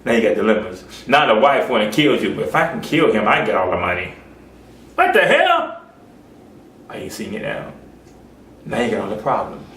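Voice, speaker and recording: A man preaching a sermon in an emphatic, folksy way, swinging between loud outbursts and quiet asides. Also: on the low side, wildly swooping pitch, brisk, pauses often, reverberant, recorded from a distance.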